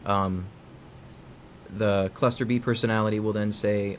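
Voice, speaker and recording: Low-voiced man explaining psychology. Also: measured pace, long pauses, slight background noise. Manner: acts out quoted dialogue with lively inflection. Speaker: guest psychologist. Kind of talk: conversational explanation.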